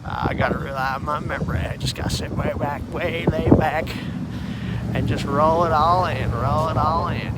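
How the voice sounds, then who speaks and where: A man's voice: fairly high pitch, fairly even intonation, moderate pace, heavy background noise. A man rambling playfully while walking and talking outdoors for his vlog. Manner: rambling, playful, jumps between topics. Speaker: vlogger. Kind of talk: rambling walk-and-talk vlog.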